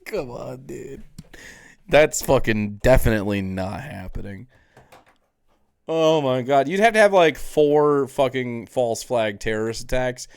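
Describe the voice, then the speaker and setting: A man's voice: medium pitch, expressive, unhurried, vocal fry, clear, resonant tone, no echo. A man streaming, reacting to videos and mocking chat in a sarcastic, profane casual chat.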